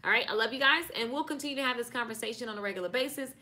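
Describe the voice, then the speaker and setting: A woman's voice: a little high, very fast, bright, forceful tone. A woman with a Southern US accent, chatting casually and playfully on a live stream about marketing. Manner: chatty, playful, signs off again and again.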